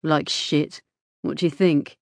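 Woman reading as a moody teenage boy, low mumbly scornful answers, dry close sound. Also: unhurried, a little mellow, no room sound. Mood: sullen. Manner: curt, mumbling, contemptuous.

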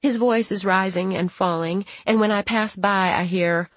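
A woman's voice: medium pitch, fairly even intonation, normal speed, dry recording. A woman narrating a first-person audiobook in a plain, conversational storytelling manner, close to the mic.

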